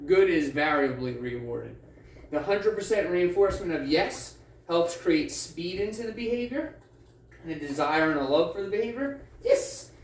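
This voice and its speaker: A man's voice: a little high, expressive, moderate pace. Distant, echoey man explaining dog training. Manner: patient, plain-spoken explaining. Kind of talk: instructional explanation during a training session. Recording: echoey, distant mic, faint ambient noise.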